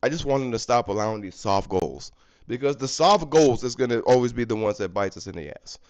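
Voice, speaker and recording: A man's voice: medium pitch, expressive, brisk, a little mellow, rough recording. A young man ranting angrily about his hockey team in a fan video recap, profane and exasperated. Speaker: fan channel host.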